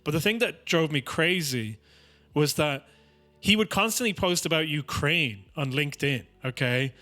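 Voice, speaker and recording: A man's voice: on the high side, moderate pace, pushed and bright, faint music behind. An Irish man on a podcast, ranting and swearing in a casual comedic way. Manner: sweary, ranting, slips into mocking quote voices. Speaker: podcast co-host.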